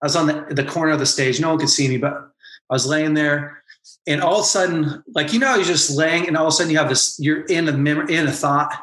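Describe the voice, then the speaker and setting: A man's voice: fairly high pitch, quick pace, a bit bright, roomy sound. A man and former pastor, talking as a podcast guest and telling an emotional personal story with earnest intensity. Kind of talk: candid podcast conversation.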